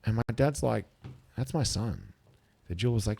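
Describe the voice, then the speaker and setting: A man's voice: lowish voice, fast talker, creaky, breathy edge. Swearing Australian man in his thirties. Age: 30s. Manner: animated, swears freely, acts out quotes. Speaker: guest, competitive eater. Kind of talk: casual storytelling with profanity.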